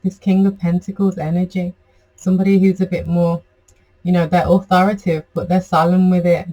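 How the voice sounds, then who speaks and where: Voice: mid-range voice, level tone, a little fast, mellow, dull audio. A tarot reader giving a casual, chatty reading to camera, rambling with many fillers.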